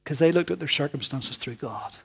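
Husky, dramatic preacher man. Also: fairly high pitch, animated, brisk. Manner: dramatic, swinging from loud emphasis to hushed near-whispers. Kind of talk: sermon.

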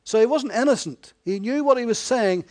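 A man's voice: very high-pitched, animated, moderate pace, darkish tone. A man preaching a sermon in a conversational way, often correcting himself and voicing scripture as dialogue.

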